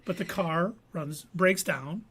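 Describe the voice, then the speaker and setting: A man's voice: sits high, slow, vocal fry, a bit bright, slightly rough. A man co-hosting a casual live show, recapping an episode with playful puns. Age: adult veteran. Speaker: co-host. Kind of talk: casual podcast chat.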